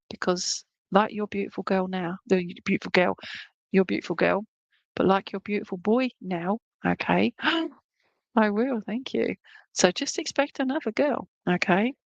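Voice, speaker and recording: Woman, spiritualist medium, mid-pitched, reassuring chat, dry close sound. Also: no echo, muffled recording. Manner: chatty, reassuring, checks in with "okay?" constantly. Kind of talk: clairvoyant reading in an online church service.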